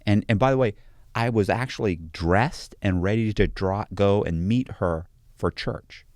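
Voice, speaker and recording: A man with a fairly low voice recounts a personal story as an interview guest. He tells it casually and gets animated and exasperated. The sound is dry, with almost no room echo. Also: a little slow.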